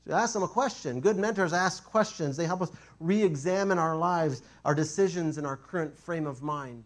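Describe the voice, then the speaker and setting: A man preaching a sermon, telling stories in an animated, self-mocking way. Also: on the high side, moderate pace, hardly any pauses.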